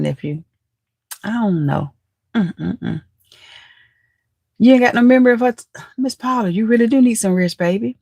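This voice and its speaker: A woman's voice: fairly high pitch, normal speed, creaky, long pauses, a little mellow, husky, no room sound. A woman hosting a live stream and chatting with viewers, teasing and laughing often, with speech. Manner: chatty, teasing, calls viewers nephew and baby. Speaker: livestream host. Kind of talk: casual live chat reading comments.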